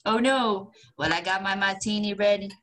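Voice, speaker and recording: A woman's voice: mid-range voice, steady tone, normal speed, fairly bright tone, natural voice. A woman podcast co-host putting on a genteel 1950s-style lady's voice, with old-fashioned, ladylike phrasing. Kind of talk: casual chat in a put-on voice.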